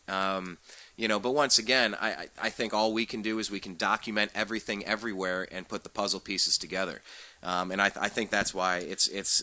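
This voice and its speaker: A young man hosts a political talk show, animated and opinionated, cracking jokes as he goes. His voice is bright and forceful, sitting a bit low. The sound is dry and close. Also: dry recording. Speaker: host.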